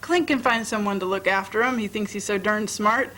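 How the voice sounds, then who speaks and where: A woman's voice: medium pitch, brisk, pushed and bright, natural voice. A woman voicing a brash young wife running off, who talks in breezy, boastful folksy slang. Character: brash young woman fleeing her marriage.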